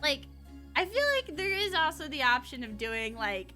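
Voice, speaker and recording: A giggly woman chatting casually on a game stream. Her voice sits very high and bounces around in pitch. Game music plays steadily behind her. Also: very animated, normal speed, bright, forceful tone.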